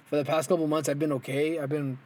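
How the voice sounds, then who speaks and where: A man's voice: on the high side, flat delivery, fast, darkish tone. A young man co-hosting a casual podcast, rambling with many fillers and joking with his partner, recorded indoors in a car. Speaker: podcast co-host. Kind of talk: casual chat. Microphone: headphones and mic.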